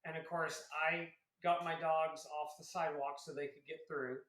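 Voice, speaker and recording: In a casual interview, a fiftysomething Air Force veteran who grew up in South Carolina swaps stories, chatting, laughing frequently, and acting out quotes. He speaks at a moderate pace in a fairly high, slightly bright voice with flat delivery, on a low-quality, reverberant recording.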